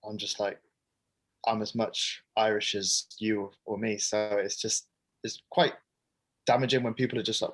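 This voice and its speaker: A young man speaks as a guest in a sports interview, frank and relaxed, scattering "like" through his sentences. His voice sits fairly low for a man. He comes across open and conversational rather than polished. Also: normal speed, low-quality recording. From Great Britain. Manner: casual, frank, many "like" fillers.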